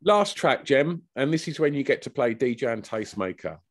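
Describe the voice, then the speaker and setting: A man, hosting a casual podcast interview, chatty and excitable, stumbling and swearing as he talks. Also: medium pitch, brisk. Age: 40s. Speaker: podcast host.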